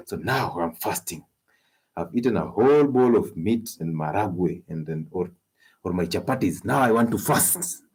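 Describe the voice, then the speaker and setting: Husky low-voiced Kenyan man. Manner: animated, coaxing, laughs often. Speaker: health show host. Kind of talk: live-stream health advice talk.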